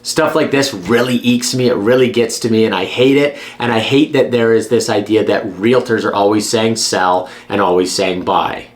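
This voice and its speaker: A man's voice: fairly low pitch, normal speed, few pauses. A man who works as a real estate agent, talking straight to camera in a blunt, emphatic, persuasive way. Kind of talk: direct-to-camera advice vlog.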